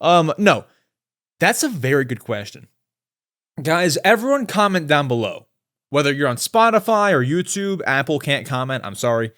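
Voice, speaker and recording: A young man hosting a casual solo podcast, excitable and quick to break into exasperated rants. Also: a little high. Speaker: podcast host.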